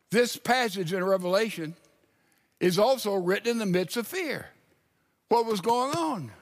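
Older male pastor, slow and dramatic in the pulpit, fairly high voice. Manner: dramatic preaching, drops to a hush for quoted scripture. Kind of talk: sermon.

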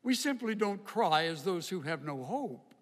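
An older man preaching a sermon in a slow, reflective way, with emphatic rises. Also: sits high, big pitch swings. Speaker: pastor. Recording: hall reverb.

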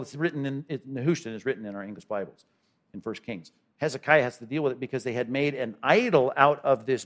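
With a medium-pitched voice, this pastor preaches energetically. He moves between booming exclamations and quiet asides, and he asks his congregation questions.

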